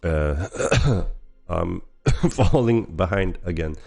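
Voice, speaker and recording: Hoarse, very deep-voiced man with a cold. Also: expressive, drawn-out words, darkish tone, soft background music. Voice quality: rough, gravelly sick voice. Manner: chatty, frequent throat clearing and laughs. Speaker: game developer hosting a weekly stream. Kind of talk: casual livestream Q&A.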